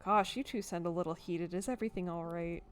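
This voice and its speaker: A woman's voice: fairly low pitch, fairly even intonation, fairly quick, soft background music, lightly acted. Woman doing a bubbly overeager cleaning lady. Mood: chirpy. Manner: bubbly, gushing. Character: chirpy overeager young woman housecleaner.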